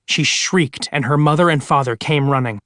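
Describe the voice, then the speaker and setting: A man's voice: fairly high pitch, normal speed, bright, forceful tone, no echo, studio quality. Man reading spooky stories aloud. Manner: dramatic storytelling. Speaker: audiobook reader. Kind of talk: scripted audiobook narration.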